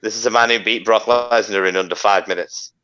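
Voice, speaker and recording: A man's voice: lowish voice, steady tone, fairly quick, sharp tone, clean tone. A man co-hosting a live wrestling watch-along podcast, teasing the others with dry quips. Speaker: podcast co-host. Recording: lo-fi mic.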